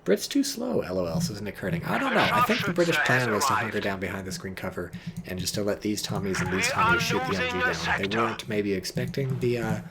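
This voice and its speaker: A man's voice: lowish voice, animated, fast, over a noisy crowd. A man giving casual, chatty play-by-play commentary on a strategy game, joking and swearing off-hand on a desk mic. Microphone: desk microphone. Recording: voice over loud game battle audio.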